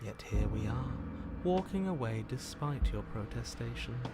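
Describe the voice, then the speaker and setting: A man's voice: medium pitch, lively intonation, a little slow, close to an everyday voice. A man voicing a sardonic game narrator. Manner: dry, sardonic, pleading. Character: weary, exasperated male game narrator. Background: game music.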